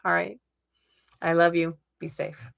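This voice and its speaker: A woman's voice: on the low side, flat delivery, measured pace, gravelly, fairly bright tone, clean tone. A woman in her forties hosting a casual live stream and reading tarot cards, chatty and laughing often as she talks to her viewers. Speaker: host.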